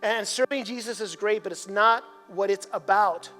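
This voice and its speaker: A man's voice: high-pitched, normal speed, sharp tone, faint music behind. A man preaching a sermon as pastor in a church, speaking conversationally, repeating his words and building to emphatic peaks. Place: church sanctuary. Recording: long hall reverb.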